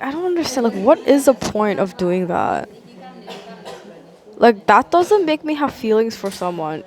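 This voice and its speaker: Woman vlogger, mid-pitched, rambling and sarcastic, swears freely, casual talk to camera. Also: a little mellow.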